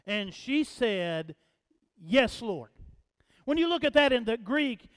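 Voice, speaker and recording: Preacher man, real high voice, smooth, big echoey church hall. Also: very animated. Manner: slow, dramatic preaching with swells and hushed drops. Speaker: pastor. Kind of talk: sermon. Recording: long reverb in a large hall.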